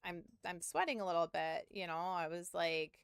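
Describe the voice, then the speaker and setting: Telling her stream chat a long, meandering story, a woman in her thirties fills it with "like", occasional swearing, and jokes at her own expense. Her smooth, clear voice is lowish and moderately paced, captured close-miked and dry with no room sound.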